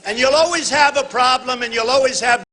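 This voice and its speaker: A man giving a campaign rally speech on a stage microphone in a large venue. He speaks emphatically in short repeated phrases, often shouting to the crowd and calling them folks. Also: very high-pitched, a little fast, rough recording. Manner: talks directly to the audience, addressing them as folks. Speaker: political candidate speaking at a rally.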